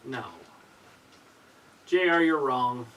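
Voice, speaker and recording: A man's voice: medium pitch, slow pace, fairly bright tone, distant mic, low-quality recording. A man co-hosting a casual live stream reaction to a wrestling show, calling out moves and giving blunt opinions on the wrestlers. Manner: opinionated, calls out moves and botches.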